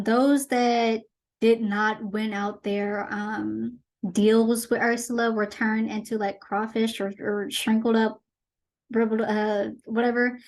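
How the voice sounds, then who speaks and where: A woman hosts her own commentary show, speaking in a slightly high voice. She is chatty and animated as she retells a movie in a casual, conversational way. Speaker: host.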